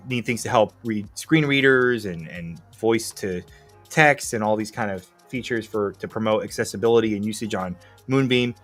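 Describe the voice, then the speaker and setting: A man co-hosting a casual live tech-support stream, playful and quick to joke. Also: fairly low pitch, a bit bright. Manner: playful, hams up silly put-on accents. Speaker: streaming platform co-host.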